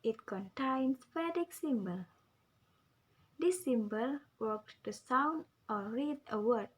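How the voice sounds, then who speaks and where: Young Indonesian woman, student presenter, breathy high voice, reads a lesson with care. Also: expressive. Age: young adult. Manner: slow, careful, drills words for repetition. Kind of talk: reading an English pronunciation lesson.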